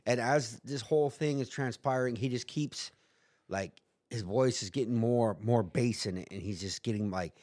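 A man's voice: medium pitch, moderate pace, darkish tone. Rambling profane man telling a story. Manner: rambling, profane, acts out quotes in put-on voices. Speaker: guest. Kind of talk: casual storytelling.

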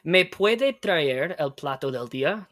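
A man teaching conversational Spanish, patiently explaining and modeling phrases slowly. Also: a little high, expressive, sharp tone.

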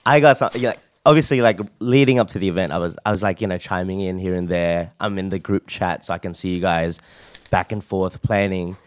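Excitable man on a dry remote line. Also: deep voice, fairly quick, dry recording. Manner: excitable, swears casually, quotes his own panic. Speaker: podcast co-host. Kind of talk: casual chat. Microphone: remote call.

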